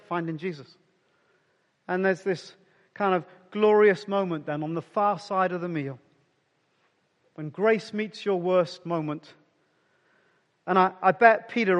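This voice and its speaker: A man delivers a conversational sermon to his congregation, his voice sitting high for a man. He talks personally and directly, often sinking to a soft near-whisper to press a point home. A long reverb trails each phrase. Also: lo-fi sound. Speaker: pastor.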